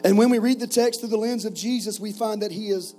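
A man's voice: sits high, steady tone, fast talker, mellow, soft background music, poor audio. A man in his forties preaching to a camp group, telling stories with jokes and rhetorical questions. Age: 40s. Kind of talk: sermon with stories.

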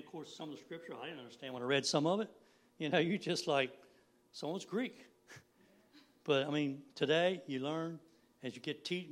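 A man in his sixties speaks at a church gathering in a folksy, rambling way. His voice sits a little high for a man, and he laughs easily between thoughts. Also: a bit bright. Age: 60s. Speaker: lay preacher. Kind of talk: informal church sermon.

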